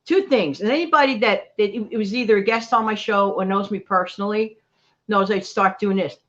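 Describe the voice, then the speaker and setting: Chatting live and cheering on her viewers, a middle-aged livestream host from New York City speaks in a New York accent. Her mid-range voice is fairly quick and fairly bright, though the audio is dull.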